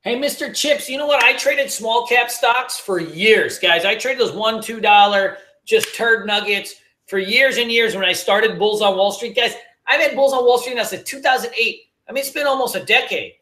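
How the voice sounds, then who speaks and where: A man's voice: sits high, moderate pace, few pauses, bright, forceful tone, echoey room. A man hosting a casual trading livestream, joking, slangy and swearing as he answers viewers. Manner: laid-back, joking, slangy, swears and laughs often.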